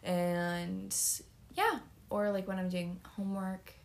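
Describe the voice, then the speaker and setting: A woman's voice: mid-range voice, level tone, takes it slowly, vocal fry. A young woman co-hosting a podcast in casual chat, rambling with lots of fillers and giggles. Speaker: podcast co-host.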